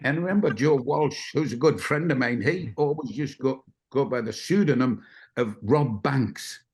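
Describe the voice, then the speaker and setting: A man's voice: mid-range voice, moderate pace, darkish tone. An older man, a guest telling rambling, self-deprecating racing stories in casual chat. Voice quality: gravelly.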